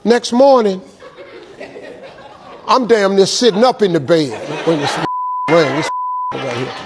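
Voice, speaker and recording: A man giving a motivational speech, telling a story in a colloquial, animated way and acting out the dialogue. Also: high voice, measured pace, a loud crowd, very noisy. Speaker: motivational speaker. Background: background music.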